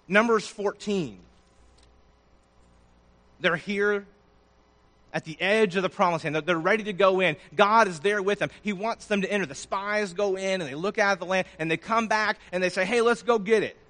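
A man preaching a sermon in a somewhat high voice. He swells loud on key words, then drops almost to a murmur. The result is a pulpit delivery full of emphasis. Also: normal speed. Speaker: pastor.

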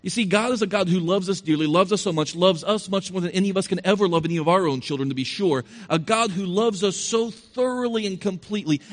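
A man preaches a sermon in a somewhat high voice, leaning on repetition for emphasis. He speaks straight to the congregation with rhetorical questions. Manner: repeats phrases for emphasis.

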